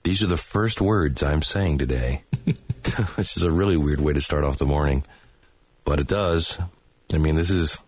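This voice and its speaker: A man's voice: very deep voice, no room sound. A man talking casually right after rolling out of bed, groggy and rambling. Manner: relaxed, rambling, self-amused. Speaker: podcaster. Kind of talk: casual morning podcast clip.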